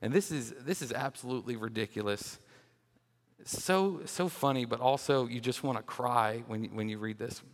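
A young man giving a lively, joking sermon as a children's minister, often restarting his words. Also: mid-range voice, normal speed, big-room sound. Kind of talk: animated sermon.

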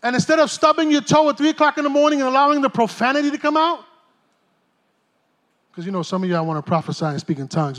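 A middle-aged man, preaching a sermon from a church stage in an animated, joking, streetwise way. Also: extremely high pitch, fast. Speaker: pastor.

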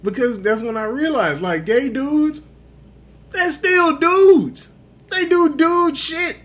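Slow and very high-pitched, this podcast co-host has a fairly bright tone as he drunkenly tells a profane story. The casual chat is full of his acted-out dialogue.

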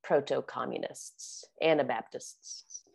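A woman's voice: extremely low pitch, slow pace, gravelly, breathy edge. A woman co-hosting a casual podcast, chatting freely with lots of "like" and "you know" and reading facts aloud now and then. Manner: chatty, laughs easily, fillers like "like" and "you know". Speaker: podcast co-host.

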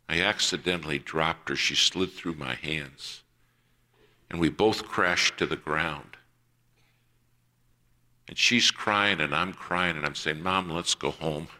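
Deep-voiced man preaching a story. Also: pushed and bright. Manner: acts out quoted voices in a personal story. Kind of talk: sermon storytelling.

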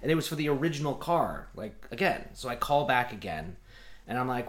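A man's voice: mid-range voice, animated, brisk, fairly bright tone. Profane exasperated man telling a story. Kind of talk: casual chat.

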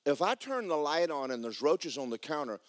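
A pastor preaching in church, his voice sitting fairly high for a man and swinging widely up and down. He hammers his points home with emphatic, homespun humor. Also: big pitch swings, moderate pace, dry recording, studio quality. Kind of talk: sermon. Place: church sanctuary.

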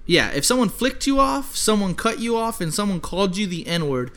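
A man's voice: high voice, big pitch swings, moderate pace, fairly bright tone. A man in casual conversation, talking emphatically, swearing a lot and filling his speech with "like". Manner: emphatic, heavy swearing, many "like" fillers. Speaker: podcast co-host. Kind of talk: casual chat.

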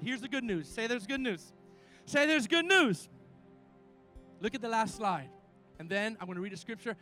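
A man with a strikingly high voice preaches a sermon. He tells personal stories with energy and calls his congregation to respond. Faint music plays beneath him. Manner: animated storytelling with call-and-response. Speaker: pastor.

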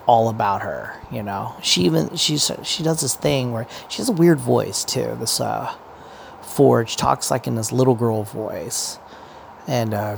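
Gravelly-voiced man, mid pitch, casual profane podcast rant, faint background hiss. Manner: profane, meandering, with many restarts. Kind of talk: casual rambling commentary.

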